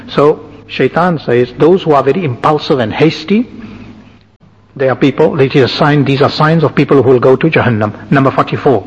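A man's voice: a little high, slightly rough. Man preaching in an echoing hall. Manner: measured, listing and explaining points. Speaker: religious teacher. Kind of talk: sermon. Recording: dull, echoing hall recording.

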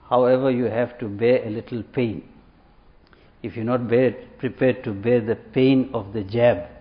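Man preaching in an echoey hall. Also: mid-range voice. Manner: storytelling, acts out quoted voices. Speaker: religious speaker. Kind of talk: sermon with a parable. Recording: echoey hall, dull lo-fi sound.

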